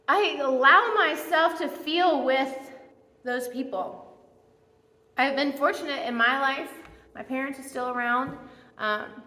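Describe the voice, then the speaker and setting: Bright-voiced woman preaching in echoey hall. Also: high voice. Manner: animated, self-mocking, chatty storytelling. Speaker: guest speaker at church. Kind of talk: sermon with personal storytelling. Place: church sanctuary. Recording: echoey church hall reverb.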